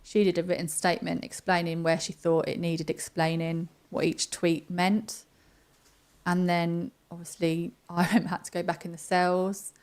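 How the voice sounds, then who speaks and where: Chatty woman with a lowish voice. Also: little pitch movement, a little slow, a little mellow, clean tone. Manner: chatty storytelling with quoted voices. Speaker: interview guest. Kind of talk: casual spoken recollection.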